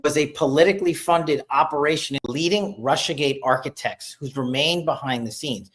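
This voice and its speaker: A commentator in a played clip gives explanatory political commentary, laying out a chain of facts in a brisk and detailed way. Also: mid-range voice.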